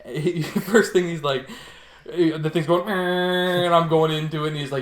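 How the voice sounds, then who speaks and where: A man's voice: fairly high pitch, a little slow, background noise. Young male podcast co-host, laughing storyteller who swears a lot, echoey room. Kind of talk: casual chat. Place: a house.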